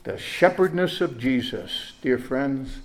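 A male pastor preaches with earnest conviction, his voice sitting at a middling pitch. He stumbles and repeats words as he goes, then climbs to loud, emphatic peaks before dropping back to a quiet tone. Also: slow pace, slight background noise. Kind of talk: sermon.

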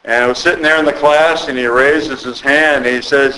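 A man's voice: mid-range voice, steady tone, sharp tone, a little hiss or hum, poor audio. A male pastor preaching a sermon in an earnest, conversational way, often restarting his phrases. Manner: earnest, halting with repeated restarts.

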